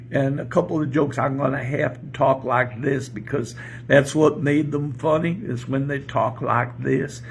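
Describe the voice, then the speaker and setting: A man's voice: mid-range voice, creaky, a little hiss or hum. An older man who is a pastor, chatting casually and rambling with chuckles as he tells jokes on a morning show. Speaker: pastor and podcast host. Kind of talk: casual morning chat and joke telling. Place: home porch.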